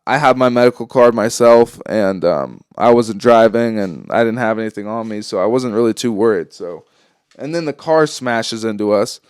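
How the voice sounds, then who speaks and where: Speaking at normal speed in a lowish, clear and resonant voice, this young man hosting a podcast spins out a lengthy, meandering story full of curse words and ums. The clean studio audio has no echo.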